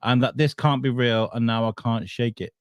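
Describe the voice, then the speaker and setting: A man's voice: medium pitch, fairly even intonation, normal speed, smooth, dry recording. A man co-hosting a podcast in casual banter, reading out stories with laughs and swearing. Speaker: podcast co-host.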